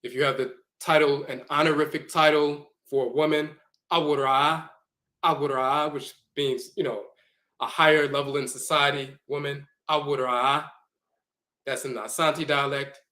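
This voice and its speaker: Bright-voiced man lecturing slowly. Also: a little high, fairly even intonation. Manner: slow, deliberate, repeats terms to spell them out. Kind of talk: lecture explaining glyphs and dialects.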